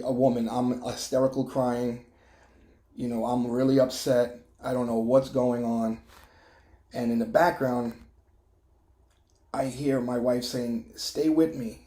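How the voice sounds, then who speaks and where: A middle-aged man sharing a personal testimony in an emotional, halting way, with many restarts and fillers. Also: mid-range voice, dark tone, reverberant. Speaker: testimony vlogger.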